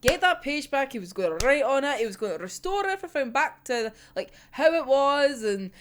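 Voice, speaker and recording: A woman's voice: high-pitched, very animated, fairly quick, a bit bright, slight background noise. A young woman in a casual, profane reaction rant, exasperated and breaking into laughter. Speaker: manga reviewer.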